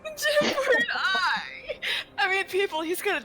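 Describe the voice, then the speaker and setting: Woman doing an over the top shop promo in dnd, high bright voice, slow and showy. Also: wildly swooping pitch, slight background noise, poor audio. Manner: showy, exclaiming pitchman delivery. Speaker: player. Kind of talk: in-character promo pitch in a tabletop game.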